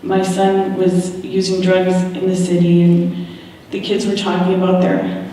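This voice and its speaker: Speaking candidly to an audience, a middle-aged woman recounts her family's story with frequent laughter, voicing the people she quotes. Her fairly low, warm voice is delivered completely flat and unhurried. The recording, made at a distance in an echoey hall, carries a little hiss or hum.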